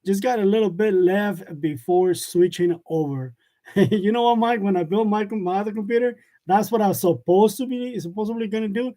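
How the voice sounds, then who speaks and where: Wearing a wireless lavalier, the host of a print shop channel's live stream chats casually from his workshop, reading out comments and frequently joking and laughing. His voice is high with a dark tone, and he talks fairly quickly.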